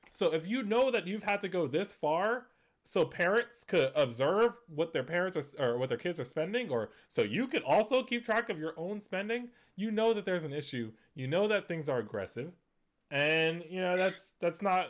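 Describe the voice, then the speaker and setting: Casual man hosting gaming news. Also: fairly high pitch. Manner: conversational, many fillers and restarts, laughs at points. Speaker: gaming news show host. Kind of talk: casual commentary.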